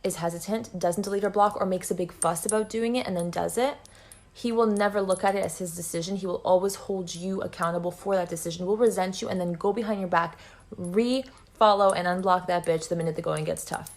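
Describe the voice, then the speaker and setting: A woman's voice: fairly low pitch, brisk. A woman giving blunt, profane relationship advice in a lecturing tone.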